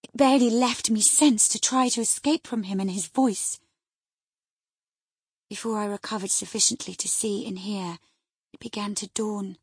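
A woman's voice: medium pitch, steady tone, normal speed, breathy edge, no echo, studio quality. A woman voicing a feverish, frightened young lady. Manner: breathless, anxious, often whispered. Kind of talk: audiobook character reading.

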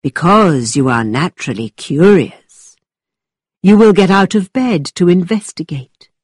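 A woman voicing a playful young gentleman who tells a tale in a low, dramatic voice to tease a listener. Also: expressive, measured pace, slightly rough, no echo, studio quality. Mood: spooky.

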